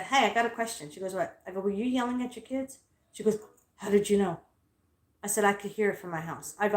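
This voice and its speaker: A woman telling stories in a casual vlog, blunt, loud and profane, and she calls herself straightforward. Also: medium pitch. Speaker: vlogger. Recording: echoey room.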